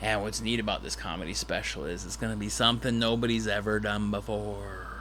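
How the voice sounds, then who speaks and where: A man's voice: on the low side, fairly even intonation, a little fast, fairly bright tone, a little hiss or hum. A man who is a stand-up comedian, telling a rambling, self-deprecating story with restarts and asides. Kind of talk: storytelling monologue.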